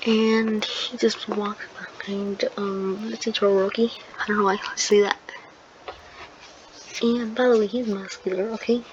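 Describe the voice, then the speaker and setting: A woman ambles slowly through a casual fan-story retelling, hesitating and circling back with plenty of fillers. The recording is dull and lo-fi, with a steady hiss of noise underneath her voice. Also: medium pitch. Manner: rambling and hesitant, many fillers. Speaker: video creator. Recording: dull lo-fi sound with clear background noise.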